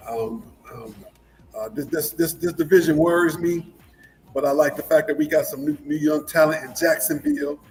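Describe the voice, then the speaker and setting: Halting, rambling man talking sports. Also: fairly high pitch, low-quality recording. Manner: rambling, repeats words, halting restarts. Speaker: sports talk show co-host. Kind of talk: casual sports chat.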